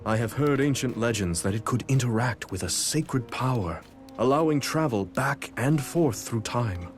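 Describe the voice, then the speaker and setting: A man voicing a solemn ancient king in a video game, speaking slowly and reverently about a holy altar. The voice sits at an ordinary pitch. Faint music plays underneath. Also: expressive, natural voice. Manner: measured, reverent. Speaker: game character. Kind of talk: game voice acting.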